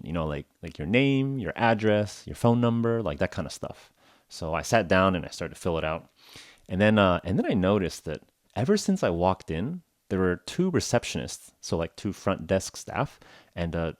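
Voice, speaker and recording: Low-voiced man telling a self-mocking story. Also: no echo, clean studio sound. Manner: chatty and self-mocking, with many fillers like "uh" and "like". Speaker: podcast host. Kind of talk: casual storytelling podcast for English learners.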